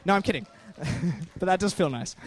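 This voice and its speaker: A man's voice: high-pitched, a little slow, a little mellow, dry recording. A man preaching a sermon in a chatty way, with self-deprecating jokes and frequent fillers.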